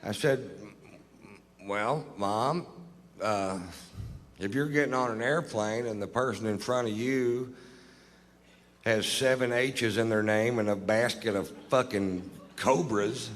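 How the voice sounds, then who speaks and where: A male stand-up comedian telling jokes on stage in a dry, deadpan drawl, with plenty of profanity. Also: lowish voice, takes it slowly. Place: theater stage. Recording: live show in a reverberant hall with audience noise. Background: audience laughter.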